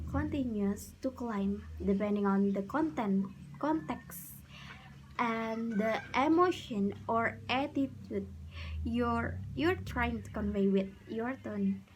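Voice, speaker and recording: Slow-reading young woman presenting a lesson. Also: on the high side, noisy background. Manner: slow, careful reading with restarts. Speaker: student presenter.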